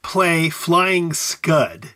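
A man's voice: on the high side, expressive, very slow, very noisy. A man co-hosting a casual chat about word origins, reading facts aloud and musing on them. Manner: chatty, reads facts aloud and muses on them. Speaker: podcast co-host.

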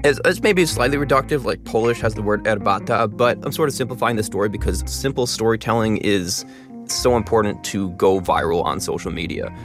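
A man in his twenties, a linguist and content creator, explaining his work in a quick, animated way in an interview. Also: on the low side, over music. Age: 20s. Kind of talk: interview answers.

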